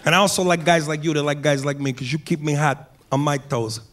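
A male comedian voicing an intense, gruff male police detective in a clip played on a podcast, with a slow, deliberate, brooding delivery. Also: fairly high pitch, steady tone, a bit bright, slight background noise, close to an everyday voice. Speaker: comedian doing impressions.

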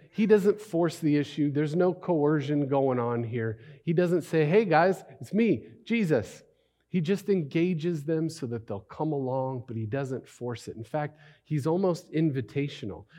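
A man's voice: fairly high pitch, lively intonation, unhurried, darkish tone. A man preaching a sermon as a pastor, in a conversational way with many rhetorical questions and repeated phrases.

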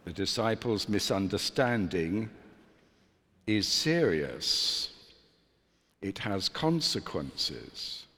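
Slow-speaking priest in an echoing church. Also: male voice, low-pitched, big pitch swings, a bit bright. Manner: measured, deliberate delivery with dramatic pauses. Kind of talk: sermon. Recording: long church reverb.

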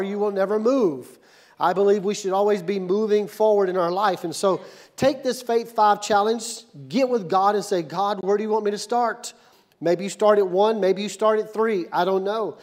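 A male pastor preaching a sermon in a church, moving from calm teaching to shouted, energetic call-and-response. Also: sits high. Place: church sanctuary.

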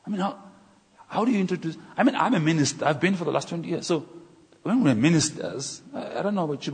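A man preaching a sermon as a minister, animated, building up to emphatic points. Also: medium pitch, breathy edge. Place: church hall. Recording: long hall reverb.

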